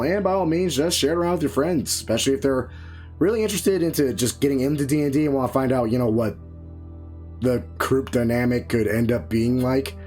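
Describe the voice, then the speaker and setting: A man's voice: medium pitch, darkish tone. A man signing off a tabletop game stream, loose and rambling, his throat tired and strained. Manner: loose, rambling, swears casually. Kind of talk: casual stream sign-off.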